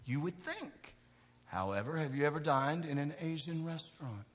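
A man preaching a sermon, talking with the crowd in a chatty way, asking questions, going from quiet to loud. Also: a little high, animated, normal speed, slightly rough. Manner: conversational preaching, asks the crowd questions, swings from soft to shouting. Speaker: pastor. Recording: long hall reverb.

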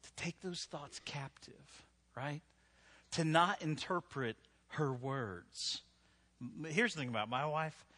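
Bright-voiced joking male pastor. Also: fairly high pitch, slow. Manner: joking, conversational, asks the crowd "right?". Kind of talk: humorous sermon. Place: church with a live audience.

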